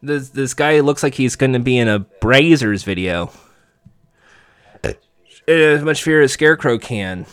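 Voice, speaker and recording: A man giving sarcastic, foul-mouthed reaction commentary over a show he is watching, breaking into shouted outbursts. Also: medium pitch, a little slow, pauses often, clean tone, dry recording.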